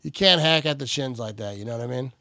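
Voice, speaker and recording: Man, live game watch-party host, casual chatter, rising excitement calling plays, resonant tone, dry sound. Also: mid-range voice, fast, dry recording. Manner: excited, rising play-calling between relaxed asides. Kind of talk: casual play-by-play and chat.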